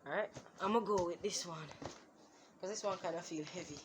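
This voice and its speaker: A woman, unboxing gifts in a casual vlog, excitable and exclaiming, recorded on a phone. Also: on the low side, a little fast. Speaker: vlogger. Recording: phone recording with clear background noise.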